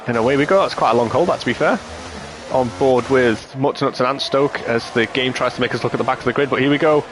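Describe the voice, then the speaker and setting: A man commentating on an online racing league, chatty and jokey, and he builds up excitement at the start. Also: medium pitch, fast, noisy background. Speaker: lead sim racing commentator. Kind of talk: race commentary.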